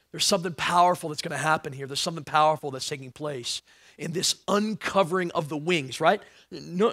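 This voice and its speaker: High bright-voiced pastor guy preaching, goes loud then real quiet, cracks jokes at the crowd. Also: no echo, clean studio sound. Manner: animated, swings from loud emphasis to hushed tones; joking asides to the congregation. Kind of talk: sermon.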